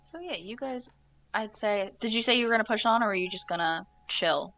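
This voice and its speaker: Brief: easygoing, hesitant woman game master with a gravelly voice. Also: medium pitch, a little fast, faint music behind. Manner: relaxed, hesitant, many fillers. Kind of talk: running a tabletop game.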